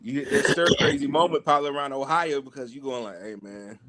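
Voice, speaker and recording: A man, a wrestling guest, telling funny road-trip stories in casual chat with an animated, laughing manner. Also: mid-range voice, quick pace, heavy background noise. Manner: animated, laughing, lively storyteller.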